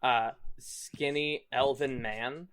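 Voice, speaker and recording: A man narrates a tabletop role-playing game as the game master. He rambles with many ums and likes, at an average pitch. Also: fairly even intonation, slow, a bit bright. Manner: rambling, filler-heavy narration.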